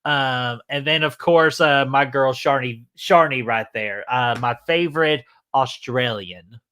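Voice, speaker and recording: A man with a bright, forceful voice hosts a loose live stream. He jokes, swears freely and fills his talk with "uh" and "let's see here" as he reads comments. His pitch sits in the middle for a man. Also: a little slow, clean tone. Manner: loose, joking, swears freely, many fillers. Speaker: livestream host. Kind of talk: casual live-stream chat reading comments.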